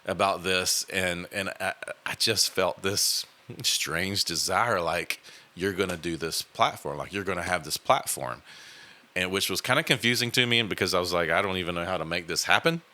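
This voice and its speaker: A man with a deep, low-pitched voice that still sounds bright and forceful. He tells his story casually and earnestly as a podcast host, stopping and restarting often. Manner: halting, many fillers and restarts, earnest.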